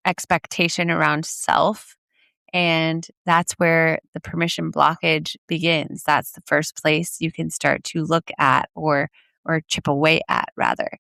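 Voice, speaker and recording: A woman's voice: deep voice, level tone, slow, creaky, pushed and bright, clean tone, no room sound, clean studio sound. A woman hosting her own podcast, talking casually as a coach, chatty with lots of "like" and "you know", laughing now and then. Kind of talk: casual solo podcast talk.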